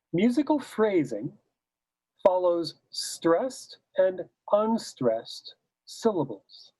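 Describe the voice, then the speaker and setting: A man explaining how choirs should shape a musical line, talking slowly and with warm, mellow weight on the words that matter. His voice sits a touch high for a man and sounds dry and close, as if recorded right at the mic. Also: slightly rough, no room sound, poor audio. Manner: measured, emphatic, sings short hymn phrases to demonstrate. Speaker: choral music teacher. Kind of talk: instructional talk.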